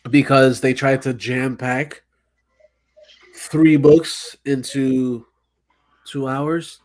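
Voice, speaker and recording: A man hosting a podcast in casual chat, excitable and profane, rambling with frequent restarts. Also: medium pitch, extremely slow. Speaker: podcast host.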